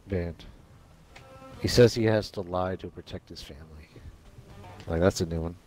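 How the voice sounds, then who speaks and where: A man's voice: sits low, steady tone, normal speed, a little mellow. A man chatting offhandedly on a gaming stream, filling his talk with "like", with game music playing behind him. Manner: offhand, gossipy, lots of "like". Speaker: stream co-host. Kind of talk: casual chat while gaming.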